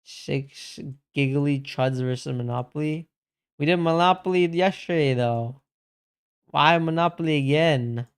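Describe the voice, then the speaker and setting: Slow, smooth-voiced young male streamer. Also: fairly high pitch. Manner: laid-back, reads chat aloud, says "bro" constantly. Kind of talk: casual live-stream chat while gaming.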